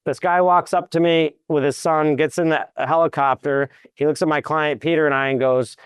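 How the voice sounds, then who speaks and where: A man who works as a commercial real estate broker, a guest in an interview, telling lively anecdotes. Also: fairly high pitch, normal speed, few pauses, smooth, dry recording. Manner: lively anecdotes, acts out quotes. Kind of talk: animated storytelling in an interview.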